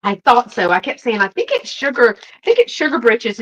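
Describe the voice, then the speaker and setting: A woman's voice: on the high side, big pitch swings, brisk, fairly bright tone, lo-fi sound. Chatty woman on a live stream. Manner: rambling and chatty, many fillers, greets viewers by name. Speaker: host. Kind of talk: casual live-stream chat.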